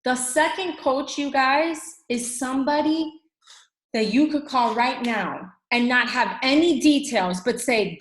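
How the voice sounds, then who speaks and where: Upbeat woman team coach, slightly high voice, echoey room, animated pep talk. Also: unhurried. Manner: animated, acts out quoted dialogue. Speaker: fitness coach team leader. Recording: roomy echo.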